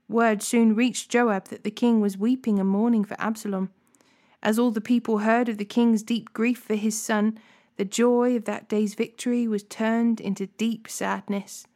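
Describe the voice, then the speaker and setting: A woman reading scripture aloud in a steady, deliberate way, with small slips now and then. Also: mid-range voice. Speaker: Bible reading host.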